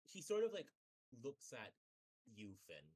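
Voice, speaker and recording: A man's voice: mid-range voice, huge pitch swings, measured pace, darkish tone. A man running a tabletop game as game master, narrating in a casual, loose way with many fillers.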